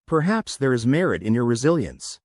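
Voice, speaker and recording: Here is an ancient alien intelligence of sentient planets, with a gravelly voice that weighs each slow word, read by a male narrator. The sound is dry and close in this sci-fi audio story. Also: medium pitch, very animated, dry recording, natural voice. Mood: solemn. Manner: slow, measured.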